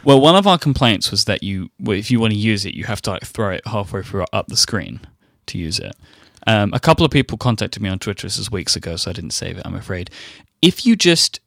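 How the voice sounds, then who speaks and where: A man's voice: fairly low pitch, very animated, a little fast, vocal fry, few pauses, a bit bright, no room sound. A man co-hosting a podcast in casual, joking chat. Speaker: podcast co-host.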